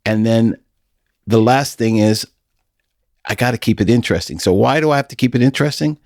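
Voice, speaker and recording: A man's voice: mid-range voice, fairly quick, darkish tone, no room sound, clean studio sound. A middle-aged man hosting a podcast, telling stories in a folksy, casual way and laughing often. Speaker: podcast host.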